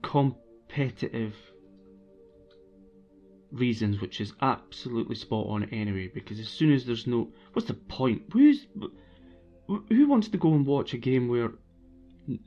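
Male streamer, opinionated casual rant, relaxed dark tone, dull recording. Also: medium pitch, unhurried, pauses often, soft background music. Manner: opinionated and blunt, with frequent restarts. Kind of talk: casual ranting monologue.

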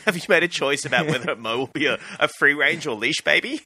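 A young man co-hosting a casual comedy chat, playful and quick to joke and laugh. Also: a little high, bright, forceful tone, slightly rough, dry recording, clean studio sound. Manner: playful, laughs and jumps in with jokes. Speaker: podcast co-host.

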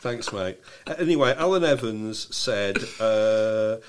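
A man's voice: on the low side, lively intonation, slow pace. Wry man co-hosting a chat. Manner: wry, reads out listener letters with quips. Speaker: podcast co-host. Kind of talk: casual chat.

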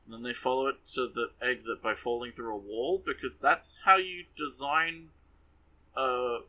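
A man's voice: medium pitch, normal speed, bright, forceful tone, poor audio. A man casually recapping an anime episode for a podcast, sarcastic and exasperated, rambling with many fillers.

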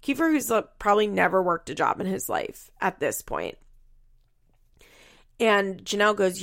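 A woman's voice: mid-range voice, big pitch swings, normal speed, gravelly, pauses often, fairly bright tone, dry recording, studio quality. A woman recapping a reality show in casual chat, blunt and profane, often laughing.

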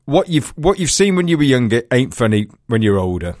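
Lively chatty man. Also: mid-range voice, brisk, no room sound, studio quality. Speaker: podcast co-host. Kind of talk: casual chat.

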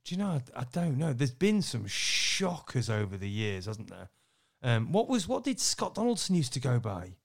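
A man co-hosting a relaxed podcast, spinning anecdotes with plenty of laughter. His pitch swings widely as he acts out other people's lines. He sits at a middle pitch for a man. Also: moderate pace, vocal fry. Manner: animated storyteller, laughs often, acts out quotes. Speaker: podcast co-host, snooker MC.

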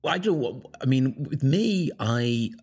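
A middle-aged man from Ireland, a guest author chatting in an interview, self-mocking and animated with big jumps in pitch. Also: slow, slightly rough. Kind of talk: casual interview chat.

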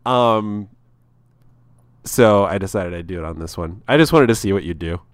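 A man's voice: low-pitched, normal speed, dry recording. A young man co-hosting a podcast, talking loosely in casual banter with lots of fillers. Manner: loose, filler-heavy, chuckling. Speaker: podcast co-host.

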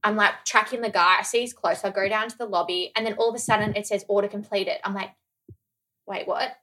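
A woman from Australia tells stories in a relaxed, casual chat. Her voice is bright and sharp, and she delivers each anecdote with animation, swears freely, and acts out the dialogue. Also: mid-range voice, quick pace.

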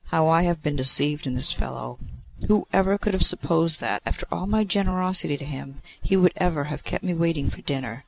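A man reading the part of an outraged, pompous king of the gods with a gravelly voice. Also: a little high, fairly quick, a bit bright, poor audio. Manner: indignant, blustering.

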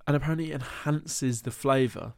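A man in casual podcast chat, telling a story in an animated way with many fillers. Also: medium pitch, fairly quick, dry recording, studio quality.

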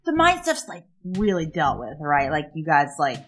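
A woman's voice: sits low, wildly swooping pitch, normal speed, soft background music. A woman playing a tabletop game, rambling and giggly. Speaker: player.

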